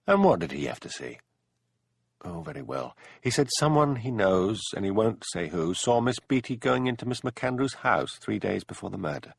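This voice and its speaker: A man's voice: fairly low pitch, big pitch swings, moderate pace, gravelly, breathy edge, no room sound, heavily acted. A man voicing a bouncy, wide-eyed young woman from London, eager and a little defensive.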